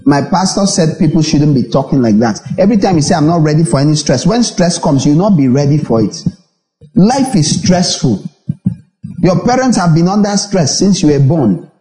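A man's voice: fairly high pitch, moderate pace, faint music behind. A Nigerian man preaching a sermon as pastor, repeating phrases and acting out little dialogues. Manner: animated preaching with repetition and acted-out dialogues. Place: church hall. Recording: echoey reverberant church hall.

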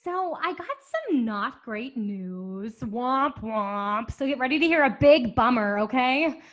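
An actress playing a flustered young stewardess with chirpy, dismissive customer-service patter in a comedic audio drama. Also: female voice, a little high, lively intonation, slow pace. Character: flustered young female stewardess, breezy and rude.

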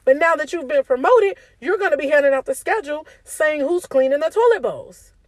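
A woman's voice: sits high, expressive, brisk, dry recording, poor audio. A woman giving an informal devotional talk to her online community, often asking "okay?" and speaking in a casual, preachy way. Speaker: faith speaker.

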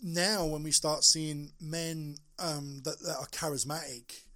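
A man's voice: a little high, steady tone, unhurried, bright, forceful tone. A young man co-hosting a podcast, talking in a blunt, sweary, rambling way. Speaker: podcast co-host. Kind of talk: casual podcast chat.

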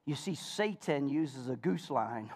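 A man preaching a sermon as pastor, swinging between shouted highs and hushed lows, with playful jokes to the congregation. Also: measured pace, long reverb tail. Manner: animated preaching, swinging from high shouts to low murmurs; playful, joking asides to the congregation.

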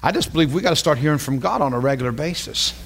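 A middle-aged man preaching as a pastor, telling a story in a conversational, animated way and repeating phrases for emphasis. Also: a little high, very fast, slightly rough. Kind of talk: storytelling sermon.

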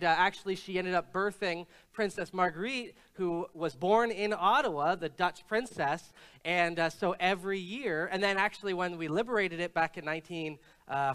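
A man preaching a sermon as pastor, telling stories in a relaxed, conversational way with frequent hesitations. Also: sits high, clean tone. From Canada.

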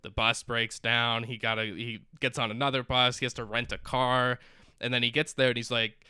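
A man chatting casually, retelling a story in an animated way, with lots of "like". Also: mid-range voice, moderate pace, clear, resonant tone, dry recording, clean studio sound. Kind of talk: casual chat.

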